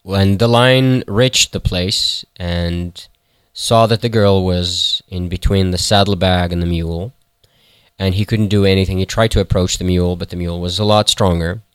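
A man retells a folktale, pausing and correcting himself as he goes. His voice is very deep and smooth, and the recording is close and dry. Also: fairly even intonation, dry recording. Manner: halting, with fillers and self-corrections. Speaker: storyteller.

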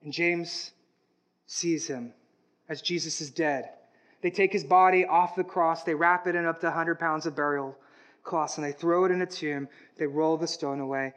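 A man preaching a sermon, swinging between hushed, slow passages and loud, rising declarations. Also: fairly high pitch, steady tone. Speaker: pastor.

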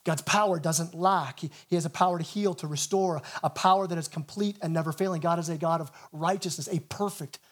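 High-voiced pastor preaching earnestly. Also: male voice. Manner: earnest, stammers and repeats words at the start of phrases. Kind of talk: sermon. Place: church.

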